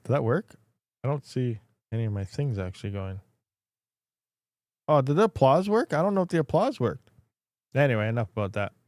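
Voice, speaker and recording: A man hosting a relaxed livestream, talking at a middle pitch. He rambles, thinks out loud and laughs often. His voice sounds dry and close to the mic. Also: fairly quick, long pauses, dry recording. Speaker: crypto mining livestream host. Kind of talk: casual livestream chat.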